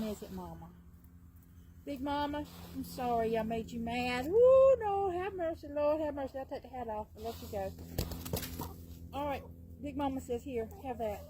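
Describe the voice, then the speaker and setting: A woman filming her backyard chickens on a phone, coaxing and chuckling as she talks to her hens. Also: on the high side. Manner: doting, coaxing talk to her animals, chuckling often. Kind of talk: casual home video chat. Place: outdoors in a backyard chicken yard. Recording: outdoor recording with clear background noise.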